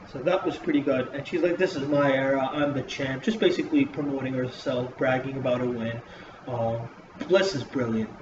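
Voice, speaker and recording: A man casually reviewing a wrestling show in a vlog, swearing often and rambling with lots of fillers. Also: mid-range voice. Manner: profane, rambling, full of fillers. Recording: roomy dull lo-fi with hiss.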